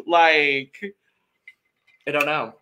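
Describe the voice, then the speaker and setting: Bright-voiced man co-hosting a podcast. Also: medium pitch, normal speed. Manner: leads the recap, laid-back and wry. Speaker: podcast co-host. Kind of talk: casual reality-show recap chat.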